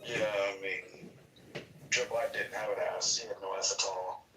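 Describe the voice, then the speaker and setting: Laid-back, sharp-voiced man in casual chat. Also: fairly low pitch, steady tone, moderate pace, far from the mic, slight background noise. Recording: roomy room, away from the mic.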